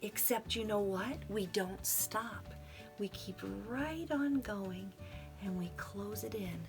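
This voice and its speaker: Woman preschool teacher, middle-aged, animated sing-song delivery, slow and deliberate, faint music behind. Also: mid-range voice. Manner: animated and sing-song, dropping to soft whispers for suspense. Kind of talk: children's lesson and storybook read-aloud.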